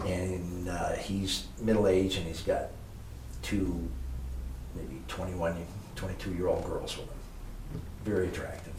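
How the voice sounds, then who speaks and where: A man's voice: low-pitched, fairly even intonation, slow. An older man, a former motel owner, telling rambling anecdotes as an interview guest with lots of fillers. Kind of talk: casual storytelling interview. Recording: echoey room, distant mic, faint hiss.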